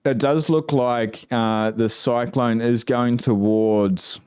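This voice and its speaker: Easygoing Australian man with a smooth voice. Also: medium pitch, steady tone, slow pace, darkish tone, no room sound, studio quality. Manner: easygoing, greets viewers by name, reads chat aloud. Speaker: livestream host. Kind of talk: casual livestream chat.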